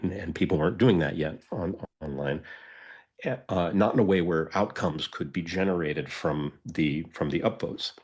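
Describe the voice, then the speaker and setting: A man with a low, husky voice tells a story on a podcast. His delivery is casual and animated, and he plays out the other people's lines as he goes. It sounds like relaxed conversation. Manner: animated, acts out quoted dialogue. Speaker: podcast co-host.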